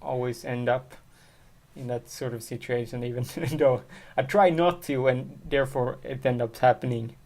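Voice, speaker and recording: A man's voice: mid-range voice, fairly even intonation, normal speed, mellow. A man hosting a casual chat show, mostly giving short, agreeing replies and speaking with some hesitation. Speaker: podcast host.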